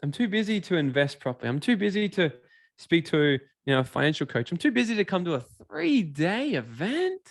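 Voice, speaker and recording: A man's voice: high-pitched, sing-song, brisk, vocal fry, voice pushed up, full character voice. A man voicing a whiny person who keeps saying they are too busy to learn. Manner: whiny and excusing.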